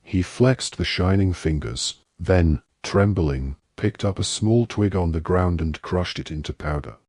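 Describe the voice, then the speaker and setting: A man narrating a fantasy audiobook in a measured, dramatic storytelling manner. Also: sits low, darkish tone, husky, no echo, studio quality. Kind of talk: scripted narration.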